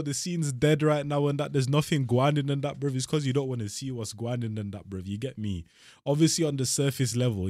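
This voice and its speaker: A man hosting a music reaction, talking in slangy, animated bursts of surprise. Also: on the low side, husky, no room sound, studio quality. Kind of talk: excited music reaction commentary.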